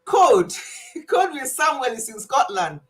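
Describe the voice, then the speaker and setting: Speaking a little slowly in a high voice, a Nigerian-accented woman from Nigeria whose mother tongue is Igbo livestreams on her casual health channel. Expect animated anecdotes, frequent laughs, and Igbo words mixed in, all on a low-quality recording.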